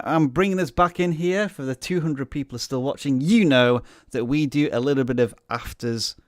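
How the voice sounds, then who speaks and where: A man's voice: mid-range voice, dry recording, clean studio sound. A man hosting a casual livestream, rambling and joking with lots of fillers and restarts. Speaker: livestream host.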